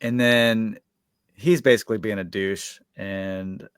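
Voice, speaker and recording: This podcast co-host, a man with a fairly low voice, recaps an episode in loose, rambling chat, linking thoughts with constant fillers. He speaks slowly with fairly even intonation and a clean tone, and the sound is dry and close with no room around it.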